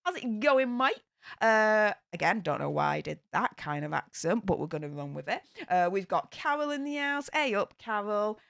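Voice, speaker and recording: A woman's voice: medium pitch, expressive, moderate pace, creaky, hardly any pauses, a bit bright, no echo. A woman hosting a casual livestream from her home studio, chatty and upbeat, with plenty of fillers. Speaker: livestream host. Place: home studio room in a new house.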